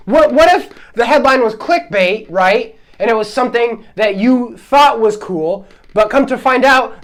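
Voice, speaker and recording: A man hosting a solo podcast, ranting in a heated, exasperated way, his voice swinging between loud outbursts and quieter asides. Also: very high voice. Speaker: podcast host.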